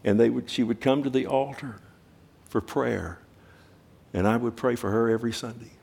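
A man's voice: mid-range voice, steady tone, moderate pace, gravelly, a little mellow, breathy edge. A middle-aged male pastor preaching a sermon, telling stories with rising urgency and asking the congregation direct questions.

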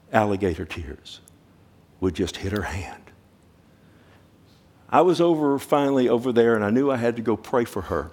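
A man's voice: lowish voice, darkish tone. A middle-aged male pastor preaching a sermon, telling stories with rising urgency and asking the congregation direct questions.

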